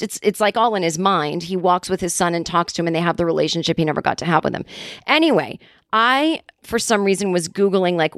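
A woman hosting a solo podcast, talking in a sarcastic, rambling, animated way. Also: fairly low pitch, dry recording, clean studio sound. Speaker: podcast host.

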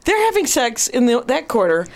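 A woman tells a comic story on a podcast, self-mocking and often laughing. Her voice is fairly high and swings widely in pitch. She talks to her hosts in a loose storytelling way. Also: sing-song, moderate pace. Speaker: guest.

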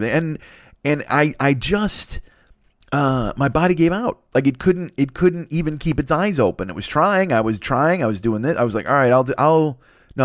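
A man's voice: medium pitch, no room sound, clean studio sound. A man in his fifties hosting his own show, talking alone in a rambling, profane, self-deprecating way with many restarts. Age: 50s. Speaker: podcast host. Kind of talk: casual solo monologue.

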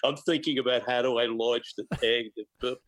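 A man, a chef, telling a personal anecdote in an interview, animated and laughing often. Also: mid-range voice, fairly quick, dry recording, low-quality recording. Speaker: guest chef.

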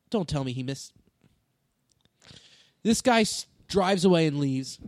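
High-voiced man telling animated stories. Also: slow, long pauses, no room sound. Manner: animated storytelling with swearing. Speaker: stand-up comedian. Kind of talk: casual podcast chat.

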